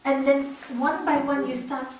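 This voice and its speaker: A middle-aged woman with a somewhat high voice teaches a yoga class. She is animated and repeats key words to drive points home. The room is very echoey, and she sounds far from the mic. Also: unhurried, a little hiss or hum.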